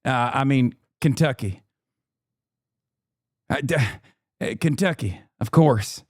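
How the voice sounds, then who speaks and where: A man puts on a flustered old senator, tripping over his own introduction and correcting himself again and again. The voice sits at an ordinary middle pitch and is recorded dry and close. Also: expressive, slow pace, no room sound. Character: muddled elderly male senator impression.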